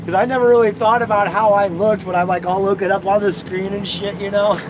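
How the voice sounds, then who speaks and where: A man's voice: high voice, steady tone, normal speed, noisy background. A man co-hosting a live stream, chatting casually, joking, laughing and swearing.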